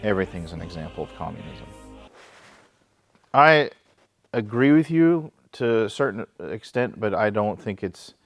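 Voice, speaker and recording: A man's voice: fairly low pitch, very animated, moderate pace, long pauses, soft background music. A man hosting a casual film discussion, talking in a wry, joking way with frequent restarts. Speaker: host.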